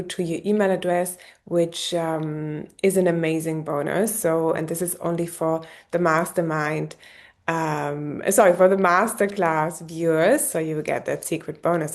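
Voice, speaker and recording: Female business coach, German accent, warm encouraging pitch voice, habitual "yeah?" tags. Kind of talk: masterclass sales pitch.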